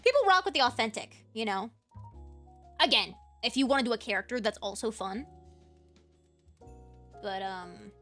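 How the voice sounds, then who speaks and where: A woman streamer chatting casually with viewers, projecting from her diaphragm with lively inflection despite a sore throat. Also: fairly high pitch, moderate pace, pauses often, faint music behind.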